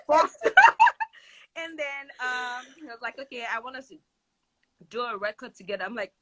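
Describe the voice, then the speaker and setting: A woman singer being interviewed, telling stories in a casual, animated way with bursts of high laughter. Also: normal speed.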